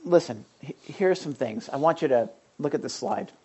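A woman preaching a sermon in an animated, conversational way, full of emphatic asides to the congregation. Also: deep voice, moderate pace, breathy edge.

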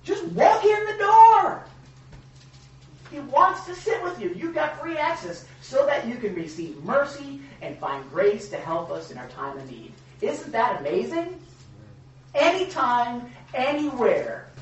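A man co-hosting a casual Bible teaching, animated and joking, with emphatic rhetorical questions. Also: sits high, measured pace, lo-fi sound, a little hiss or hum. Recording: echoey room from a distance.

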